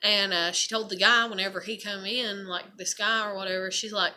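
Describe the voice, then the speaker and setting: A woman's voice: mid-range voice, steady tone, fairly quick, pushed and bright, a little hiss or hum. A young woman talking candidly to the camera in a rambling personal vlog, swearing freely. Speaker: vlogger. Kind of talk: casual personal vlog monologue.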